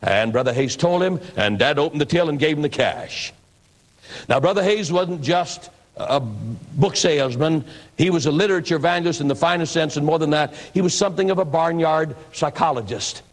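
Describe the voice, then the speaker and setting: A man's voice: on the high side, animated, moderate pace. A man preaching in a reflective, conversational storytelling manner. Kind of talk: storytelling sermon.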